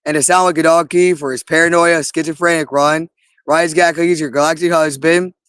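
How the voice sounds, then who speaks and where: A man's voice: a little high, steady tone, normal speed, fairly bright tone, clear, resonant tone, dry recording. A man in an agitated, rambling monologue, cursing often and repeating himself. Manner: agitated, profane, repetitive.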